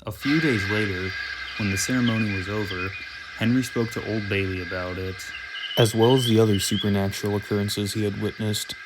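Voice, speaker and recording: A man narrating a storybook tale in a steady, measured reading voice. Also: lowish voice, noisy background.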